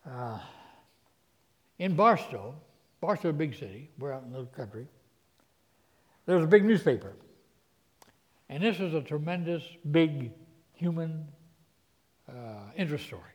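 A man preaching a sermon, telling a personal story, his voice swinging from hushed to loud. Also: fairly high pitch, expressive, unhurried, pauses often, big-room sound.

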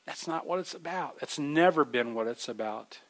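A man preaching a sermon in a conversational way, restarting phrases, rising to emphatic peaks and then dropping low. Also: expressive, normal speed. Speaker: pastor.

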